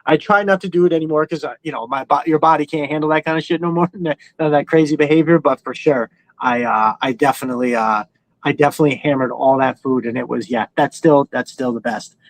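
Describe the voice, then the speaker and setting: Rambling New York man, higher voice. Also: quick pace, no room sound, poor audio. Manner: rambling storyteller, swears casually. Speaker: podcast host. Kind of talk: casual chat.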